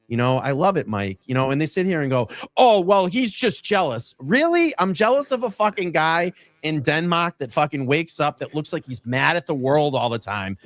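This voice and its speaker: A man's voice: mid-range voice, dry recording. A man co-hosting a casual streaming chat show, brash and profane, mocking others. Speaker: co-host. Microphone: streaming mic.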